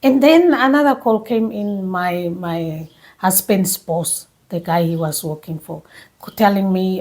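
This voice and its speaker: A woman vlogger telling a personal story in an emotional, animated way, full of restarts and repeats, speaking English as a second language. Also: medium pitch, measured pace.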